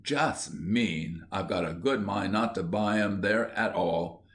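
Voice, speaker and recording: A man's voice: deep voice, slow, a bit bright. A man voicing a bossy, stubborn schoolboy leader who speaks sternly and crushes his friends' objections in an audiobook.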